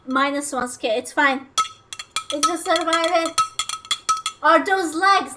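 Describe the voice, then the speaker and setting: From her kitchen, a woman with a very high voice livestreams her cooking, talking a little slowly with long pauses over very noisy audio. She trades playful, teasing jokes with her chat.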